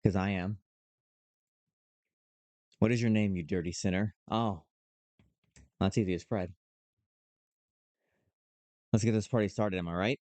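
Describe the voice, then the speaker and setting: Guy streaming a dating sim, kinda low voice, playful, dry sound. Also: a little slow, long pauses, no room sound. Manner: playful, animated reactions while reading.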